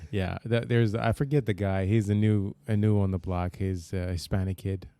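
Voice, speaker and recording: A man co-hosting a casual podcast chat, laughing often and breaking into high-pitched bursts of laughter. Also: fairly even intonation, a little slow, dark tone, smooth, no echo. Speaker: podcast co-host.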